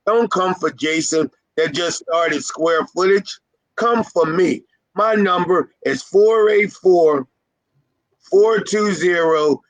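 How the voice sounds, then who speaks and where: Giving an informal motivational business talk to carpet cleaners, a high-voiced man speaks in a fired-up, emphatic way. He repeats his key points and teases his listeners, and the sound is dry and close with no room echo.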